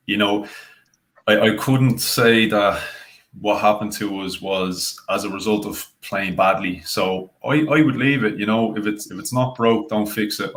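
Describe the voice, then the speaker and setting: A man with a somewhat low voice weighs his views slowly and thoughtfully. He fills his analysis with casual asides as a fan pundit on a discussion panel. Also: a bit bright, rough recording. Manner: measured, thoughtful analysis with many "you know" fillers.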